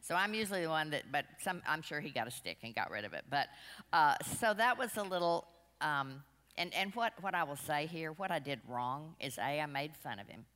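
A woman's voice: deep voice, expressive, a little fast, a bit bright. A middle-aged woman, telling rambling, self-deprecating anecdotes to a group in a large room. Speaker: women's class speaker. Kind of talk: storytelling talk to a group. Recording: long hall reverb.

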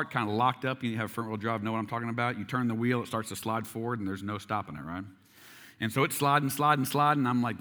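A man's voice: mid-range voice, bright, forceful tone. Man, 40s, pastor preaching a sermon; conversational storyteller, self-deprecating, asks rhetorical questions, mid-range voice.

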